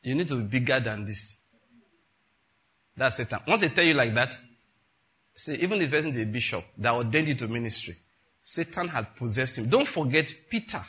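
Pastor guy preaching, chatty, laughs a lot, bright forceful voice. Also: medium pitch, lively intonation, moderate pace, long pauses. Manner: conversational, laughing asides, rhetorical questions. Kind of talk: sermon.

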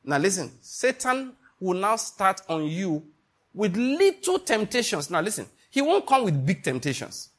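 Emphatic Nigerian preacher, husky voice. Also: male voice, high voice, big pitch swings, a little slow. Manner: emphatic, asks the congregation questions, acts out little scenes. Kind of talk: sermon.

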